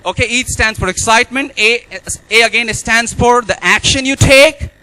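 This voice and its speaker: A man's voice: very high-pitched, moderate pace, pushed and bright, clear, resonant tone, dry recording, low-quality recording. A man giving a motivational speech, emphatic and repeating key phrases. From India. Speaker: speaker at an awards event.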